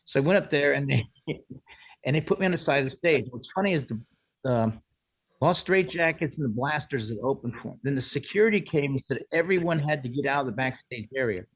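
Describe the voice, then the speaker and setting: A man's voice: medium pitch, lively intonation, a little fast, slightly rough, low-quality recording. A man in his sixties, a musician guest, telling long rambling stories in a casual interview. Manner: rambling anecdotes, many restarts and "like".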